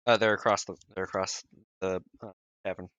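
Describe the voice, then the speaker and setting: A man's voice: low voice, flat delivery, brisk, fairly bright tone, dry recording, highs cut off. A man running a tabletop game as game master, often restarting his phrases.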